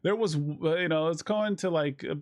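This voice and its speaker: Animated rambling man reviewing a film. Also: fairly high pitch, moderate pace. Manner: rambling, animated, swears casually. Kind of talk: casual chat.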